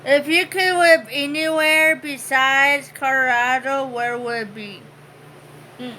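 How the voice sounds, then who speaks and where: A woman's voice: high voice, fairly even intonation, slow pace, bright, forceful tone, a little hiss or hum, poor audio. A woman co-hosting a home vlog, chatting casually and rambling with many fillers. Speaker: vlog co-host. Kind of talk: casual chat.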